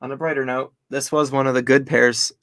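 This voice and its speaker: A man's voice: medium pitch, little pitch movement, a little fast, a bit bright. A man co-hosting a live reselling stream, talking in a laid-back way while checking his listings. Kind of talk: casual livestream chat.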